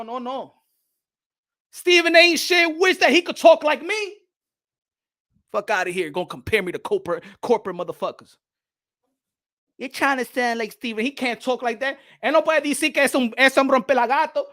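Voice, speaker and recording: Boxing channel host, Puerto Rican New Yorker, high voice, loud boastful casual rant mixing in Spanish. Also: male voice. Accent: New York Puerto Rican. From Puerto Rico.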